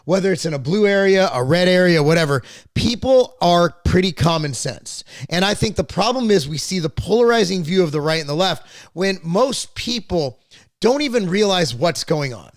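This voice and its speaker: A high, animated male voice at normal speed, recorded dry with clean studio sound. The podcast host talks at length in a casual political chat, bluntly opinionated and sometimes profane, rambling, often restarting his sentences and repeating words.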